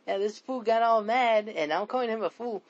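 A man's voice: sits high, a little fast. A man co-hosting a podcast, telling a story with laughs and lots of swearing, on a dull lo-fi recording. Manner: laughing, profane, acts out quotes. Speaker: podcast co-host. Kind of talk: casual profane storytelling. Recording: dull lo-fi sound.

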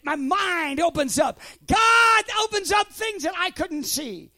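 A man in his sixties preaching a fervent sermon, shouting out phrases in loud bursts and laughing between stories. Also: extremely high pitch, no room sound, studio quality. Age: 60s.

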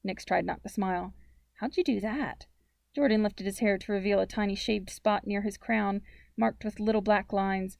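A woman narrating a young-adult story in a calm, measured way. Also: mid-range voice, gravelly, no echo, studio quality. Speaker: audiobook narrator.

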